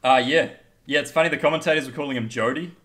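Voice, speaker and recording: A man's voice: mid-range voice, fast, fairly bright tone. A young man, giving blunt, casual rugby opinions with swearing and frequent laughs. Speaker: guest pundit.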